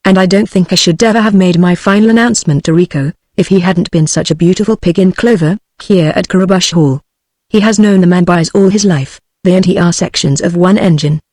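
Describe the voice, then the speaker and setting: A woman's voice: fairly low pitch, a little fast, no echo, clean studio sound. Synthetic British woman reading a novel. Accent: British English. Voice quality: even machine-read delivery that reads punctuation aloud. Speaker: audiobook narrator. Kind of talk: synthetic text-to-speech book reading.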